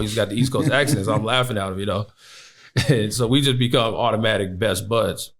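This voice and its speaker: Low-voiced guy from chicago telling his life story, lots of "you know", thoughtful. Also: brisk. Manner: reflective, many "you know" fillers. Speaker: podcast guest. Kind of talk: personal storytelling.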